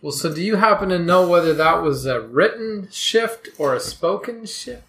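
A man co-hosting a casual podcast, curious and amused, tossing in quick asides. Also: high-pitched, animated, fairly bright tone.

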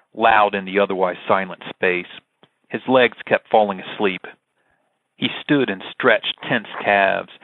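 Low male audiobook narrator, steady, tinny phone-like sound. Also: no room sound. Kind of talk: scripted narration.

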